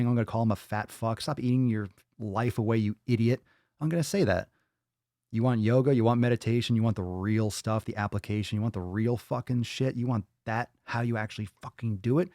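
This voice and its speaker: A man's voice: lowish voice, darkish tone, dry recording, studio quality. A man hosting a live fitness Q&A stream, blunt and profane as he answers chat. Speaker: fitness podcast host.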